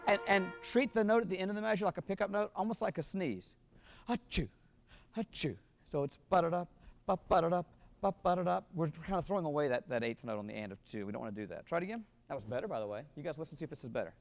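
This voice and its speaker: A man's voice: a little high, animated, very fast, few pauses, in a large hall. A man rehearsing a wind band as a clinician, singing rhythms with syllables and counting the players in.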